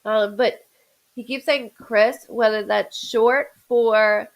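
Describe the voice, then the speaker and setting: A woman's voice: a little high, steady tone, takes it slowly, low-quality recording. A woman doing a live-streamed psychic reading as a medium, rambling with stammered restarts and greeting viewers by name.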